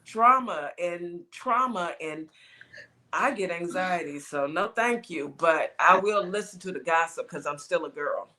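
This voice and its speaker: Woman, talk show host, sassy, chatty, bright clear voice. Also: fairly low pitch, animated, measured pace. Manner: chatty, sassy, laughs often. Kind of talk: casual morning show chat.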